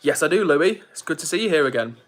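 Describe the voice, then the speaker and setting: A man's voice: fairly high pitch, animated, quick pace. A young man chatting casually on a live stream, reading viewer comments aloud.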